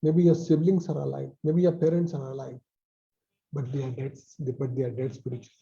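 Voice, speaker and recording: A man preaching a sermon over a video call, repeating phrases with emphasis and dropping softly at line ends. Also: mid-range voice, flat delivery, a little fast, gravelly, muffled recording. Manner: repetitive, emphatic with soft drops.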